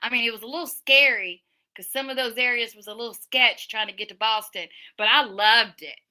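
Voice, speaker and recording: A middle-aged woman, hosting a livestream, chatting casually with viewers and telling stories. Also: fairly high pitch. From Southern United States. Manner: chatty storyteller, animated, many restarts. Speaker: livestream host. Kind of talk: casual chat reading viewer comments.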